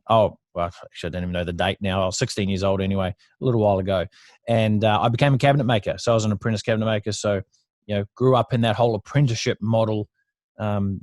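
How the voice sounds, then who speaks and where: Blunt, profane Australian man, lowish voice. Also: a little mellow, no echo. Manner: blunt and profane, laughs often. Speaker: podcast guest. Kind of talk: casual storytelling interview.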